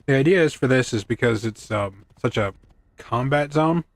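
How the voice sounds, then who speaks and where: A man's voice: medium pitch, animated, moderate pace, no room sound. A man streaming a video game, rambling through casual commentary with self-deprecating quips and chatting to his in-game horse. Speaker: gaming streamer.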